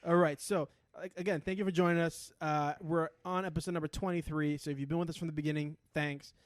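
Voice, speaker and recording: Male podcast co-host, animated storyteller, slightly high voice, dry close mic. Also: quick pace, dry recording. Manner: animated storyteller, acts out quoted people. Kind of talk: casual podcast chat. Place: his neighborhood in upper Manhattan.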